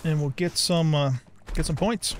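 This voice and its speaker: An older man hosting a let's play who talks casually and rambles, with sudden bursts of excitement. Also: on the high side, normal speed, slight background noise. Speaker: gaming channel host.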